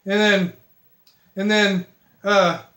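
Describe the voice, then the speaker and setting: A man telling long story jokes in a halting, rambling way, with many restarts. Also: sits high, level tone, sharp tone, reverberant. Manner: halting, many restarts and fillers, self-deprecating. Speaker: amateur joke teller.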